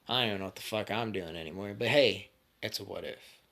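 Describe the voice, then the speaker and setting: A man's voice: on the low side, brisk, vocal fry, fairly bright tone. A young man telling a made-up story in a casual, rambling way, full of slang and swearing.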